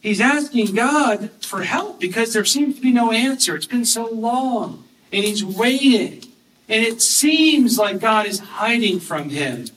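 Guy preaching, kinda high voice, earnest, leans hard on the bible verses, mic a bit far off. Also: animated, a bit bright. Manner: earnest, reads scripture slowly and emphatically. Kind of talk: sermon. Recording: distant mic with faint background noise.

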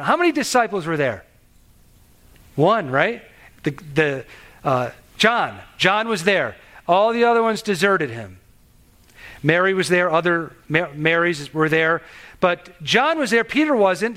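A man's voice: high voice, big pitch swings, normal speed, a bit bright. A man preaching a sermon in an earnest, conversational way, asking the listeners questions and restarting his sentences. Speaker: pastor.

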